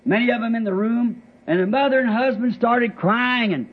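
A man with a very high-pitched, husky voice preaches at a moderate pace, recounting his testimony. His storytelling is folksy and meandering with plain rural grammar, heard through a dull, lo-fi old recording.

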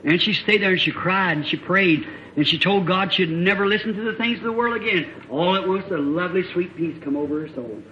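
A man preacher telling a story in a folksy, plain-spoken sermon that builds to shouts, on a dull lo-fi old tape. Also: sits high, a little fast, a little hiss or hum.

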